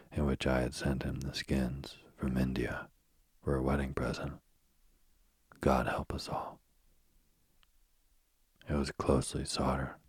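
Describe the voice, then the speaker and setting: A man narrating a ghost story aloud in a hushed, often whispered delivery. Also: no room sound. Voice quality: very deep, husky voice.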